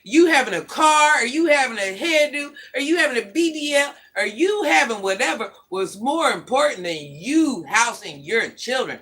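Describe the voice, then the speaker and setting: Middle-aged woman stream host, bright forceful voice, preachy blunt rant. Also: high voice, big pitch swings, normal speed, few pauses. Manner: blunt, preachy, repeats her points. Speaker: livestream host. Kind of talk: ranting commentary to viewers.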